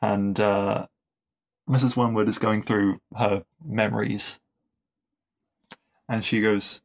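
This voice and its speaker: Speaking slowly in a voice on the low side, a man hosts a podcast and casually reviews an episode, pausing often. He chats enthusiastically, stumbles through fillers and restarts, and chuckles at his own jokes.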